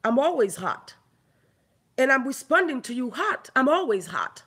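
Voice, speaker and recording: A woman's voice: high-pitched, big pitch swings, moderate pace, fairly bright tone, husky. A Haitian woman ranting angrily into her own online video, heated, mocking and full of profanity. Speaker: online commentator. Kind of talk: angry ranting vlog.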